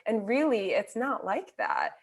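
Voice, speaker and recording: A woman's voice: mid-range voice, wildly swooping pitch, measured pace, breathy edge. A woman talking candidly about her own grief, speaking earnestly with casual fillers in a conversation over a video call. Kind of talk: personal reflective conversation.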